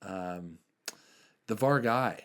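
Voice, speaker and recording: A young podcast host with a fairly low voice speaks very slowly as he tells faith stories. His chat is earnest and casual, packed with fillers, and his sentences trail off softly.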